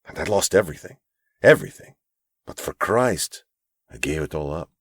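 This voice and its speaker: A male narrator voicing an older bearded mentor, gentle and devout, speaking earnestly in a raised voice. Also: extremely low pitch, normal speed, slightly rough, no echo, clean studio sound.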